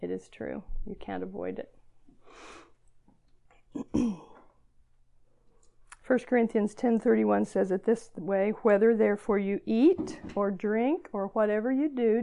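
An older woman over sixty, with a fairly high pitch, vocal fry and a warm tone, gives an earnest sermon to girls at a church gathering. She is emotional at times and self-deprecating.

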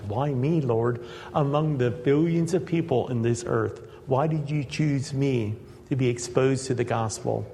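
A man preaching to his congregation in a church, earnest and direct, rising to emphatic peaks as he drives his points home. His voice sits at an ordinary pitch for a man, and a long reverb from the sanctuary trails after each phrase. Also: a little mellow. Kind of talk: sermon.

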